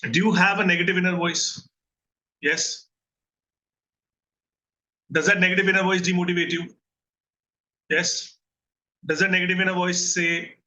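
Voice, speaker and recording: A man's voice: high-pitched, flat delivery, moderate pace, long pauses, sharp tone, poor audio. A man with an Indian English accent, a therapist giving an earnest lesson and often checking in with his listeners. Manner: earnest teaching, asks listeners questions and checks in. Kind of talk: recorded mental health lesson.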